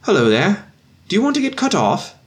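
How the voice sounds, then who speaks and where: A man reading a story voices a cheerful young infantry officer who calls out eagerly and warmly. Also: mid-range voice, expressive, measured pace, voice pushed up, natural voice. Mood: surprised, hailing.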